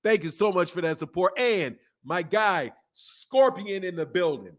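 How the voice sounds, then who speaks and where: A man's voice: high voice, lively intonation, unhurried. A man in his fifties hosting a boxing channel, talking in loose slangy live-stream chat and laughing often. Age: 50s.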